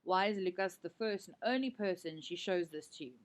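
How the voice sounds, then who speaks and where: A woman's voice: on the low side, normal speed. Chatty South African woman teacher. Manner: chatty, full of "like" fillers. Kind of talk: casual lesson explaining a set drama.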